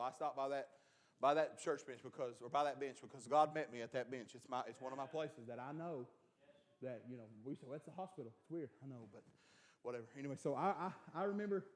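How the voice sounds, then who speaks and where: A man preaching, his voice sitting high for a man. He swings from loud, shouted passages to hushed, soft storytelling, tumbling over repeated words as he goes. It sounds like a sermon given in a church. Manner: repeats and restarts words in bursts. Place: church sanctuary.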